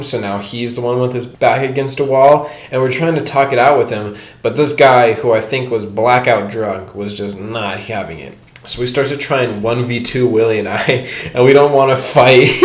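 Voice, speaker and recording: A young man casually telling a story to camera, rambling and filling his talk with "like", laughing at his own anecdotes, recorded on an old home microphone. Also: medium pitch. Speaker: vlogger. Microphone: cheap old home microphone. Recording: echoey room, old microphone.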